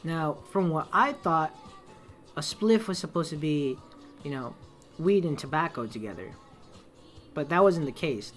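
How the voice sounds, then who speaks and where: A young man telling a casual story, swearing often and acting out quotes loudly. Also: a little high, unhurried, pauses often, faint music behind. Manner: animated, swearing, acts out quotes in raised voice.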